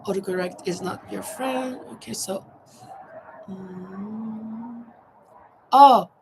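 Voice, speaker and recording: A woman's voice: mid-range voice, slow, background noise. A woman hosting a crochet livestream on a terrace, chatting casually and reading viewer comments aloud as she works. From Norway. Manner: chatty, reads viewer comments aloud, thinks out loud while working. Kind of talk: casual live chat while crocheting. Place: outdoor terrace.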